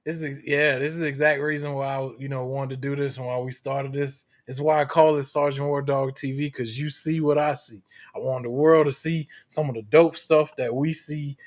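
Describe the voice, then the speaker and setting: An American man hosting a podcast, talking about his show in a relaxed, emphatic way with slang. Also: mid-range voice, normal speed. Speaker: podcast host, Marine veteran. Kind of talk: casual podcast talk.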